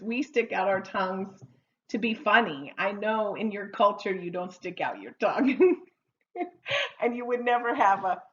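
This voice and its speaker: A woman teaching English idioms in a slow, repetitive lesson, playfully drawing out each phrase for learners to repeat. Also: medium pitch, muffled recording. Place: Oregon.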